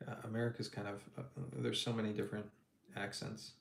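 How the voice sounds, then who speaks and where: A man's voice: fairly low pitch, flat delivery, fast, creaky. A man casually chatting on a livestream while painting miniatures, jokey and rambling, laughing often. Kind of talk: casual chat. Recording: echoey room with faint noise.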